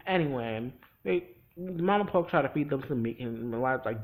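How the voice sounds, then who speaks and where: A man giving a casual, rambling spoken recap of a TV episode, with many restarts and quick acted-out quotes. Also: mid-range voice, poor audio.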